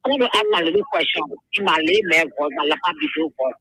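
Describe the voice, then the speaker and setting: A man calling in to a radio show, rambling and halting with many fillers over a tinny phone line. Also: a little high, lively intonation, bright, forceful tone, breathy edge, dry recording. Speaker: caller. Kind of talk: phone-in call.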